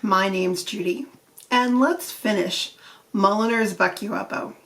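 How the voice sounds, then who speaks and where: A woman narrating a comic story aloud for her channel, in a calm, even storytelling manner. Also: mid-range voice, a little slow, distant mic. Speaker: audiobook narrator.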